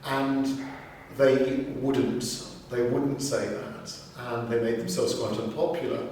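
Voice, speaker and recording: A man, a deacon, being interviewed, telling his story at a measured pace with pauses. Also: medium pitch, fairly even intonation, darkish tone, recorded from a distance. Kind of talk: conversational interview. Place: large reverberant room in a seminary. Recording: very echoey room, voice off-mic, faint noise.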